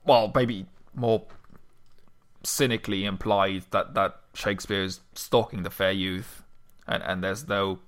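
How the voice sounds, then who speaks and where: A man co-hosting a casual chat, hesitant with many fillers and repeats, breaking into animated bursts. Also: sits low, unhurried.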